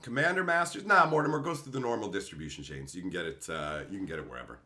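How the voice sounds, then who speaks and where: A man hosting his channel, ranting angrily and profanely, swinging from shouting to low muttering. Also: fast talker, roomy sound. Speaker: channel host. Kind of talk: angry rant to camera.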